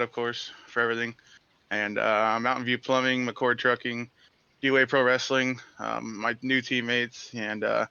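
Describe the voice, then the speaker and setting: Excited driver guy, bright crisp voice, dull dry voice-chat sound. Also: medium pitch, no room sound. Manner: eager, rambling, laughs easily. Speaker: race driver being interviewed. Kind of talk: casual interview.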